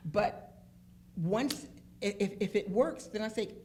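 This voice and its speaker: Animated, emphatic woman storyteller. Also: medium pitch, slow pace, a little hiss or hum. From Pittsburgh, Pennsylvania. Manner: animated, emphatic storyteller who acts out quotes. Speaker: phlebotomist guest. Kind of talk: casual panel chat.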